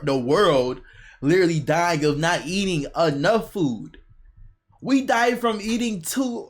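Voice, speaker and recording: Male reaction streamer; excitable, slangy, lively pitch swings, a touch high. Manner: excitable slang-heavy chatter, says bro a lot. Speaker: streamer reacting to a comedy special. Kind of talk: casual reaction commentary.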